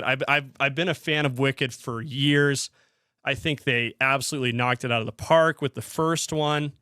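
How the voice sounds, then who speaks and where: A man's voice: mid-range voice, bright, forceful tone, clean tone, no echo, clean studio sound. A man hosting a casual solo hockey podcast, rambling with frequent restarts and fillers. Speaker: podcast host.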